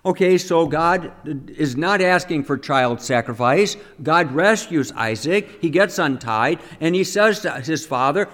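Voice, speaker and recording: Higher-voiced man teaching a homily. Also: expressive, unhurried, fairly bright tone. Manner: conversational, asks the listeners questions, acts out quotes.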